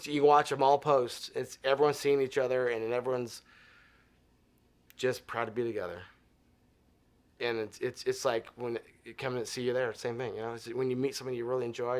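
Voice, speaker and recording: Enthusiastic man from Arizona telling stories. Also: mid-range voice. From Arizona, USA. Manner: enthusiastic, rambling, with frequent restarts. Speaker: interview guest. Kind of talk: casual anecdotal storytelling.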